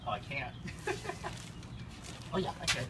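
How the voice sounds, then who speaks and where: Excited man vlogging at home, halting and emotional, in an echoey space with traffic noise. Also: mid-range voice. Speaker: vlogger unboxing a piano. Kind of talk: casual home video vlog. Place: at home by the front door. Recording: echoey, distant, noisy with passing traffic.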